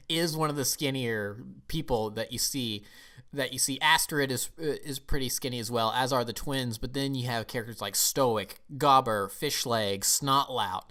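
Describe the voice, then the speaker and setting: A man's voice: medium pitch, normal speed, a bit bright. A man from the United States giving a casual, rambling film review vlog, often emotional and restarting his sentences.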